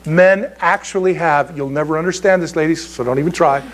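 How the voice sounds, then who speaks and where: A man's voice: a little high, brisk. A man preaching a sermon as pastor, in a conversational, joking way, often restarting his sentences. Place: church sanctuary.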